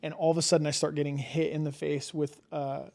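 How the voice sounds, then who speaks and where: A man telling a story as a podcast guest in a casual, animated way, full of "like" fillers and acted-out reactions. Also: fairly high pitch, a little fast, gravelly. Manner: animated, many "like" fillers, acts out his own reactions.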